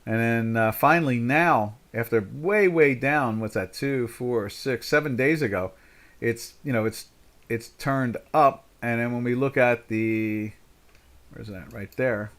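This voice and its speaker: A man's voice: medium pitch, measured pace, a bit bright. An older man from the United States hosting a live trading webinar, rambling through market commentary with lots of fillers and restarts. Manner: rambling, full of "you know" fillers and restarts.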